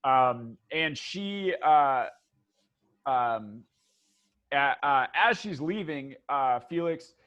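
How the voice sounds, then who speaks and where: A man narrating as game master of a tabletop game, animated and often laughing, with many restarts. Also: medium pitch, drawn-out words, lo-fi sound.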